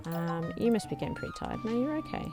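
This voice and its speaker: Lower-pitched woman chatting over gameplay. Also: very animated, fast, music in the background. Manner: chatty, thinks aloud while building. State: slightly hoarse, clearing throat. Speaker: let's play host. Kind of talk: casual gameplay commentary.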